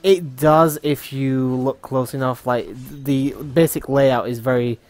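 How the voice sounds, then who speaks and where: A man's voice: mid-range voice, fairly even intonation, slow, darkish tone. A man hosting a gaming livestream, casually explaining the game and swearing freely. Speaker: livestream host playing a game.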